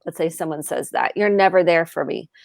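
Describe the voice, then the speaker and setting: A woman's voice: low-pitched, a little fast, gravelly, darkish tone, dry recording, studio quality. A woman therapist on a video call, explaining earnestly and acting out example phrases as she goes. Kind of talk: video chat advice talk.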